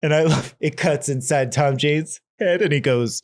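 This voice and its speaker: A man's voice: on the high side, normal speed, dry recording. A man co-hosting a podcast, casually recapping a movie plot and acting out the characters' lines as he goes. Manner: animated, acts out characters' lines while recapping. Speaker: podcast co-host. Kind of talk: casual film discussion.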